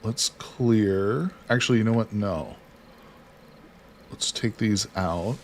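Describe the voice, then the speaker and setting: A man with a lowish voice livestreams a survival card game over slight background noise. He's chatty and casual as a host, reading chat aloud and talking himself through each move.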